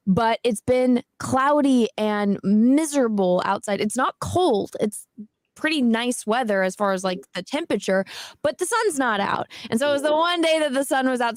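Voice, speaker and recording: A woman's voice: on the high side, no echo, clean studio sound. A young woman guesting on a casual live-stream chat, bubbly and talkative, with lots of fillers. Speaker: guest, cosplay model.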